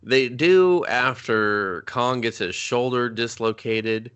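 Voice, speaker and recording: A bright, forceful man riffs through a movie recap in loose, profane chat. He rambles, gets excitable and acts out the characters' lines as he goes. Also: mid-range voice, slow pace, clean tone, highs cut off. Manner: rambling, excitable, swears a lot, acts out quotes. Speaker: podcast co-host reviewing a movie.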